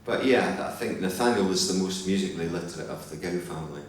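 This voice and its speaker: A Scottish man, a fiddler, giving reflective, measured answers as a guest in a live interview in a hotel hall. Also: low voice. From Scotland. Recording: very echoey hall from far off, faint hum.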